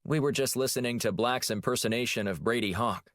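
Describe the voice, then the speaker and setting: Precise young woman analyst, crisp and eager, voiced by a male reader. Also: mid-range voice, fairly quick, a bit bright, no room sound, clean studio sound, voice pushed up, close to an everyday voice. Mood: briefing.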